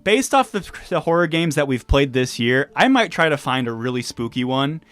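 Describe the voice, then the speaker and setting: A man's voice: fairly high pitch, sing-song, moderate pace, fairly bright tone, soft background music. A man co-hosting a casual gaming podcast, laid-back and chatty. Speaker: podcast co-host. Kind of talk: casual chat.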